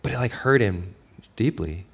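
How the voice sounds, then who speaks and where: A male pastor giving a sermon, moving between quiet storytelling and raised, emphatic preaching, with a conversational habit of asking "right?". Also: fairly low pitch, expressive, moderate pace, breathy edge. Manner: conversational, with fillers and frequent "right?".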